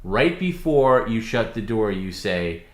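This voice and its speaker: A man's voice: on the low side, big pitch swings, measured pace, echoey room. A man co-hosting a live stream, reading out viewer offers and patiently coaxing the host.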